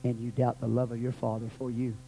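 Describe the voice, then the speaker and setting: Texan male pastor, mellow tone, fervent sermon delivery, faint background hum. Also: completely flat delivery, quick pace, creaky, poor audio. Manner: fervent, swings from loud cries to low murmurs. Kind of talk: sermon with prayer.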